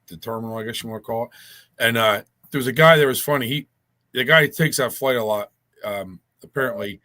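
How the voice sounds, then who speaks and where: A man's voice: mid-range voice, sharp tone. A man telling a long, rambling story in casual chat, with many restarts.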